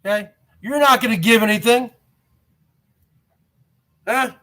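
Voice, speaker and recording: A man with a strikingly high voice rants through a live-stream commentary, hammering viewers with repeated questions. His slow, deliberate delivery has a bright, sharp edge, and he breaks into shouting to stir up the audience.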